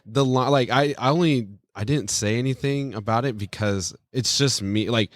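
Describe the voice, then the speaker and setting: A young man, a guest on a casual podcast, telling a story in an animated, giggly way. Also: medium pitch, normal speed, no echo, clean studio sound. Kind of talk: casual convention interview chat.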